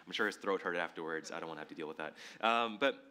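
A man preaching a sermon to a congregation in a relaxed, joking way, reading scripture and praying in a quieter tone. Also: sits low, fast. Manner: casual, joking, with fillers, drops to a quiet tone in prayer.

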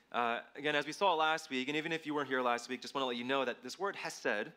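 A man preaching a sermon to a congregation in a relaxed, joking way, reading scripture and praying in a quieter tone. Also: medium pitch, fast talker, few pauses. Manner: casual, joking, with fillers, drops to a quiet tone in prayer.

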